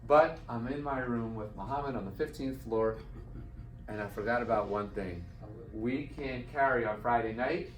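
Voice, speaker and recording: A man's voice: medium pitch, moderate pace. A man in his forties, a guest speaker, telling a personal story to an audience and acting out the voices of the people in it. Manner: animated storyteller acting out quotes. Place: event hall with live audience. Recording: roomy hall, mic heard from a distance.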